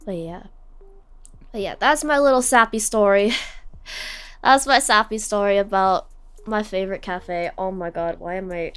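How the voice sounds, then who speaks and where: A woman's voice: medium pitch, unhurried, long pauses, a bit bright, smooth. Rambling young woman streamer. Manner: rambling, filler-heavy, sentimental. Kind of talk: casual storytelling chat. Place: home streaming setup.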